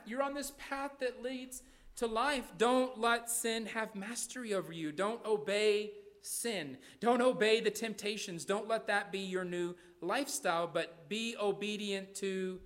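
A man's voice: high-pitched, fairly bright tone. A man preaching a sermon, emphatic, often checking in with "right?" and repeating his points. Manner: repeats phrases and restarts words.

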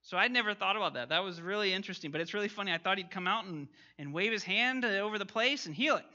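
A man's voice: sits high, fast talker, pushed and bright, highs cut off. A man teaching an interactive Bible lesson, questioning his class and reading scripture aloud.

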